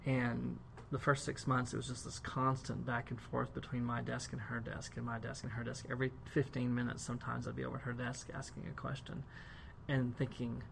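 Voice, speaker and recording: Man co-hosting a relaxed office podcast chat. His voice carries a gravelly fry and sits at an ordinary middle pitch. He talks in loose, rambling sentences and tosses in jokes along the way. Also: a little fast, few pauses, slight background noise. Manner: chatty and joking, with asides. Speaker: co-host. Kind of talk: casual podcast conversation.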